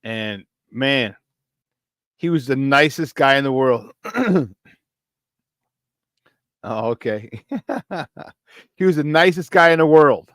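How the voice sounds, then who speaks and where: Slow and mid-range, with long pauses, this man's voice comes through a dry, studio-quality recording. As host of a sports talk show and ex-player, he talks football casually and energetically, laughing a lot, telling locker-room stories and shouting "baby."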